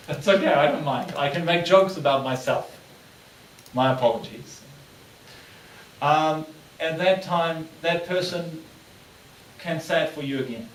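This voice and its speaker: A man's voice: a little high, measured pace, long pauses, slight background noise. A male lecturer giving a classroom lecture with a patient, plain instructive delivery. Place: lecture room. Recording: echoey room from far off.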